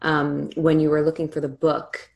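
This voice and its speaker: Woman podcast host, low even voice, lots of ums. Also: moderate pace, gravelly. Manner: relaxed, hesitant questions with many ums, frequent soft backchannels. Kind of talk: casual podcast interview.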